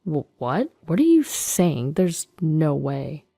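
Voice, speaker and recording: A woman's voice: low voice, normal speed, vocal fry, mellow, faint music behind. A woman voicing a smug, arrogant ex-husband who mocks and sneers. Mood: flustered. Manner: sneering, mocking.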